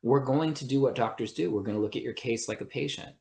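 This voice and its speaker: This man talks fast in a medium-pitched, creaky, darkish voice with a roomy sound. An attorney and mediator on a podcast, he earnestly explains his ideas, peppering them with "right?" and sentence restarts.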